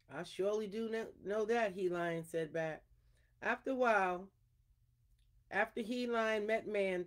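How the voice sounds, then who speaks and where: A woman reading an animal folk tale aloud in an unhurried storytelling manner, her throat a little irritated. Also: medium pitch.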